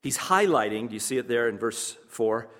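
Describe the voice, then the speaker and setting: A man preaching an expository sermon as pastor, swinging between loud emphasis and hushed asides, repeating key phrases and asking rhetorical questions. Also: mid-range voice, expressive, moderate pace. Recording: long hall reverb.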